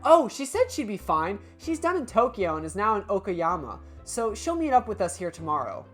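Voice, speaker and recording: A woman's voice: medium pitch, big pitch swings, moderate pace, voice pushed up. Woman doing a bubbly young woman, teasing, game voice, faint music behind. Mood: chirpy. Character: chirpy young woman, pushy and upbeat.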